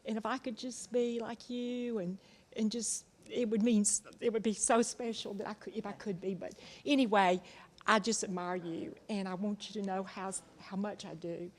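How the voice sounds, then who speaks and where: A woman giving a heartfelt tribute to her best friend, speaking haltingly. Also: medium pitch, steady tone. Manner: halting, emotional. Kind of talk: emotional spoken tribute.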